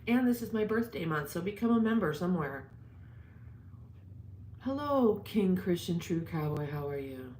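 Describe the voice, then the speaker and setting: A woman's voice: lowish voice, fairly quick, hardly any pauses, darkish tone. A woman casually chatting with viewers as a livestream host, greeting them and promoting her page. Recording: echoey room with faint noise.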